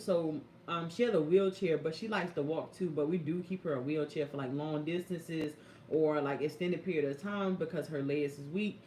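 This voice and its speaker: A young woman caregiver telling stories on a live stream, speaking AAVE and talking to viewers in a lively, chatty way. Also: low voice, normal speed, a little hiss or hum. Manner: animated, chatty, addresses viewers as y'all and baby. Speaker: caregiver vlogger. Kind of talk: casual live-stream storytelling. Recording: echoey room.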